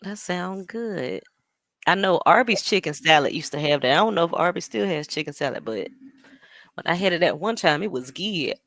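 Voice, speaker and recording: A woman's voice: fairly low pitch, animated, moderate pace, fairly bright tone, no room sound. A woman hosting a casual livestream, chatting and greeting viewers by name with teasing humor. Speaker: livestream host. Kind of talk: casual chat.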